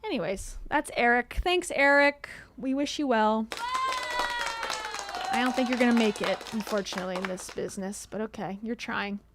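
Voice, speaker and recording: A woman's voice: fairly high pitch, moderate pace, noisy background. A woman streaming casual reaction commentary, chatty and sarcastic, laughing often.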